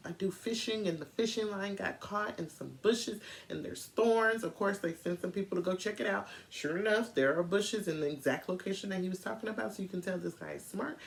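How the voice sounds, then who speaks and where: A woman telling a true crime story in a casual, animated way, speaking straight to her viewers. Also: fairly low pitch.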